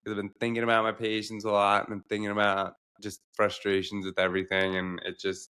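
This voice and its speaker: A man's voice: lowish voice, completely flat delivery, fairly quick, bright, forceful tone, smooth. A young adult man, a doctor co-hosting a podcast, talking in an earnest, reflective, emotional way. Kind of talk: casual podcast chat.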